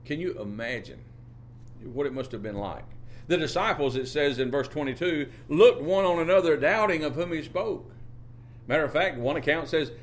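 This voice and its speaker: A man preaching a sermon, drawing out phrases and lifting his pitch on key words, reading scripture in old-fashioned wording. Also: lively intonation, normal speed, a little hiss or hum. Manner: reads scripture in King James wording.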